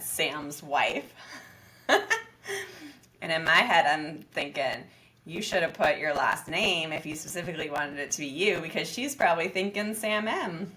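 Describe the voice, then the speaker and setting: A woman co-hosts a casual podcast, recapping a dating show. Her voice sits a little low but rings bright and clear, and she slips into lively voices to act out what people said. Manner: animated, acts out quotes in lively voices. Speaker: podcast co-host. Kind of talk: casual reality TV recap chat.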